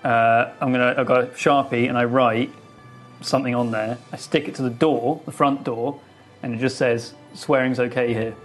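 A man's voice: medium pitch, steady tone, normal speed. A man playing a tabletop game, talking casually with a few hesitations. His voice comes from a little away from the mic, and faint music plays behind it. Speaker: player.

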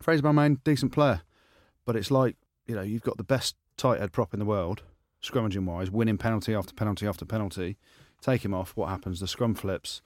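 A man co-hosting a podcast in casual chat, animated and teasing, his voice jumping high when he is incredulous. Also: fairly quick, no room sound, studio quality. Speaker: podcast co-host, former rugby player.

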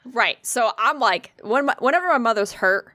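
High, bright-voiced woman telling a blunt story. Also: normal speed, no room sound, studio quality. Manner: blunt, heavily profane, animated storytelling. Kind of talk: casual storytelling chat.

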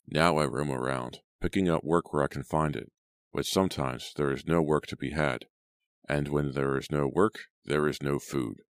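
A man voicing a starving ragged male drifter, speaking slowly and weakly. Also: a bass voice, steady tone, no echo. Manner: slow, weak, pleading.

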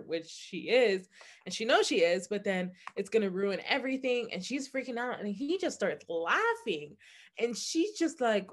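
A woman co-hosting a podcast, chatting casually and gushing animatedly as she retells things, with quick side notes. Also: fairly high pitch, sing-song. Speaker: podcast co-host. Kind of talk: casual book chat.

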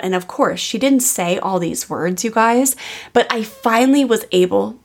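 A woman's voice: mid-range voice, moderate pace, vocal fry. A woman in her thirties, a parenting educator, telling a personal story to her audience in an earnest, chatty way, full of "like" fillers.

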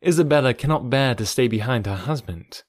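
A man reading a calm, sensible young woman. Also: mid-range voice, a little fast, no room sound, studio quality, natural voice. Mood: reassuring. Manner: calm, reassuring. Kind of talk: audiobook reading.

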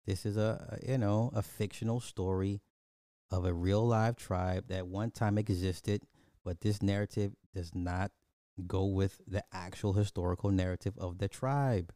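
A man giving a blunt, animated movie review in casual chat, talking straight to his viewers. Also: low-pitched, unhurried, dry recording, clean studio sound.

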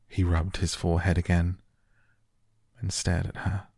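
Deep, slow, gravelly bedtime narrator. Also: male voice, completely flat delivery, no room sound, studio quality. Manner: gentle, unhurried. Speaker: audiobook narrator. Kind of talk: soft bedtime story reading.

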